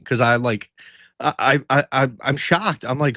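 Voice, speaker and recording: A man co-hosting a podcast, telling a story in a casual, animated way, swearing a lot and filling it with "like". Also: mid-range voice, moderate pace, dry recording. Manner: animated, profanity-heavy storytelling with many fillers; laughs while telling the story. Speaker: podcast co-host. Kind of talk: casual chat.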